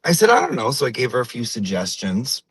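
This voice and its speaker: A man's voice: mid-range voice, wildly swooping pitch, slightly rough, dry recording, heavily acted, rough recording. A man playing a chatty, rambling middle-aged mom in a comedic character monologue. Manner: rambling, gossipy, drawn-out. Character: chatty middle-aged Portuguese-American mom on her morning drive.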